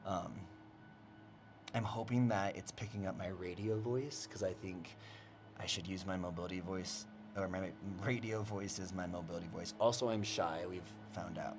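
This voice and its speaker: A man's voice: low voice, fairly even intonation, moderate pace, over music. A man leading a home mobility workout on a new mic, giving cues and countdowns and joking as he goes. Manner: coaching cues, counts down, jokes and laughs. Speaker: fitness instructor. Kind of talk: guided mobility class instruction. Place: home, lawn blower outside. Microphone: new microphone.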